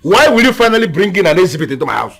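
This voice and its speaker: Strict nigerian dad, husky voice, swoops up and down. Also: male voice, fairly high pitch, sing-song, moderate pace. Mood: stern. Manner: stern, scolding. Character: stern father and in-law head of the house. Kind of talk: film drama.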